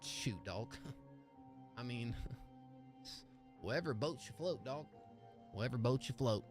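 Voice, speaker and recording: Lively, slangy man hosting a stream. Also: mid-range voice, slow pace, faint music behind. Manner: slangy, upbeat, greets chat by name. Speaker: music review livestream host. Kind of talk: casual livestream chat.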